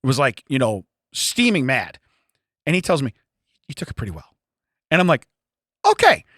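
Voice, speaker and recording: A man co-hosting a casual podcast, telling an animated story and acting out both sides of the conversation. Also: mid-range voice, moderate pace, dry recording, studio quality. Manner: animated, swerves into quoted dialogue, self-censors swearing. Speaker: podcast co-host.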